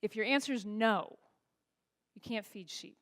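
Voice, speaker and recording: A woman's voice: mid-range voice, unhurried, fairly bright tone. A woman pastor preaching a sermon in a church, asking the congregation rhetorical questions. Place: church sanctuary.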